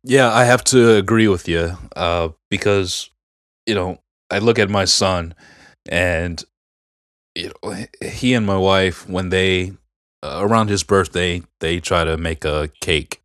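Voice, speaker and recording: A man's voice: deep voice, slow, a bit bright, no echo, studio quality. A middle-aged man co-hosting a casual faith podcast, telling family stories in an earnest, rambling way with many fillers. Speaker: podcast co-host.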